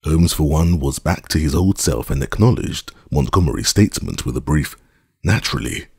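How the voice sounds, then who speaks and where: A man narrating an audiobook in a measured, formal storytelling manner. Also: very deep voice, gravelly, a little mellow, slightly rough, dry recording, studio quality.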